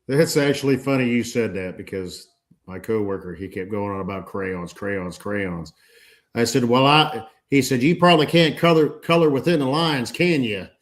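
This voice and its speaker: A man's voice: mid-range voice, moderate pace. A man, a veteran guest, telling work stories in a salty, swearing way during casual chat.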